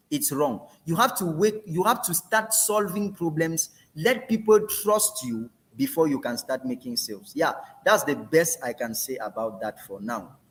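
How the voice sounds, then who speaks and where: A man leads a training session in a fairly high, lively voice that rises and falls a lot. He repeats key phrases for emphasis and drops in casual asides as he explains.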